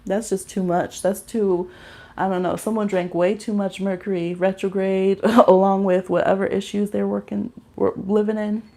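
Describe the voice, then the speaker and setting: Young woman host, casual livestream, animated storyteller, talks to viewers straight into her phone. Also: mid-range voice, normal speed. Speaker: tarot reader hosting a livestream.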